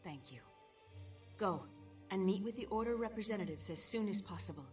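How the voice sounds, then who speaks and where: An actress voicing a composed, commanding queen in a video game cutscene, with formal, measured delivery and faint music behind her. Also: medium pitch, expressive, a little mellow, close to an everyday voice. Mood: regal. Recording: game audio under background music.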